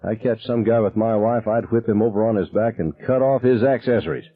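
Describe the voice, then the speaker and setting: A man's voice: lowish voice, fairly quick, pitched above the performer's own voice, natural voice. A man voicing a drunk, menacing father at a hunting camp in a storybook reading, with blunt, coarse talk. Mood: gruff. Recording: tinny, phone-like narrow sound.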